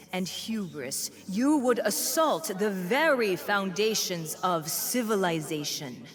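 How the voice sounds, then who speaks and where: Menacing game inquisitor, very slow, formal, middle pitch. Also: female voice. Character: stern female inquisitor pronouncing judgment. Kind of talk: video game voice acting.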